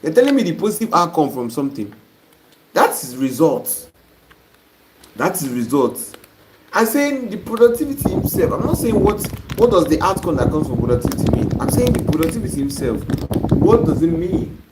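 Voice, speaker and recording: Man, Nigerian accent, lively up-and-down voice, noisy live-stream audio. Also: on the high side, normal speed. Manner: blunt, scolding, laughs at wrong answers. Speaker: online course teacher. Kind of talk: live-stream lesson, reading viewer comments.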